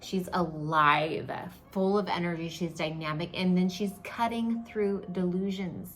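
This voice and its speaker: Woman with a lowish voice, chatty and self-deprecating, casual spiritual teaching, frequent restarts. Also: measured pace, a bit bright, a little hiss or hum. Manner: chatty, restarts often, laughs at herself. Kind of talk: casual spoken teaching to camera.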